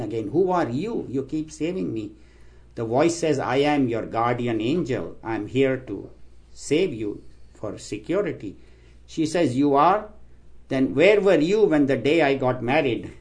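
Guy preaching a sermon, tells little stories, does the voices, middle pitch. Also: a little mellow. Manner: storytelling, acts out quoted voices with rising pitch. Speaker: spiritual teacher.

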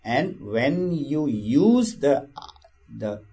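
A man's voice: medium pitch, sing-song, very slow, dark tone, slightly rough. A man giving a spiritual discourse. He speaks in a conversational way, repeats phrases and tells a parable. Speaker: spiritual teacher.

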